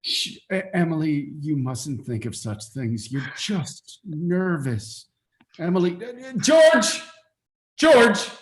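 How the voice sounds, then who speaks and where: A man reading the part of a gentle father of the bride, soothing and measured, in a staged play reading. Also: fairly high pitch, sing-song, a little hiss or hum. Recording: echoey room.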